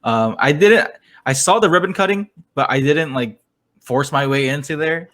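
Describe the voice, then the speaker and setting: A man hosting a podcast, relaxed and a little hesitant as he chats. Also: on the high side, normal speed. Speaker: podcast host. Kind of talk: casual chat.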